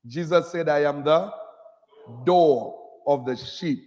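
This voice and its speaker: A man preaching a sermon, reading scripture slowly and drawing responses from the congregation. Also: on the high side, darkish tone. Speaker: pastor. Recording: long hall reverb.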